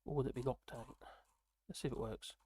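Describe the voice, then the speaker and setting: A man's voice: mid-range voice, steady tone, fairly quick, warm tone, breathy edge, no room sound, clean studio sound. A man chatting casually on a live stream, rambling with lots of fillers and restarts, tired and slurring a little. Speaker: political commentary streamer.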